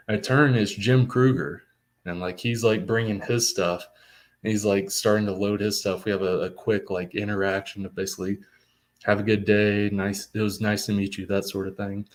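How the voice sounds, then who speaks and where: Young male guest, low-ish voice, eager storyteller, heavy on fillers. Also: normal speed. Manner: excited, many fillers like "like". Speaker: comics writer, guest. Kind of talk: casual storytelling.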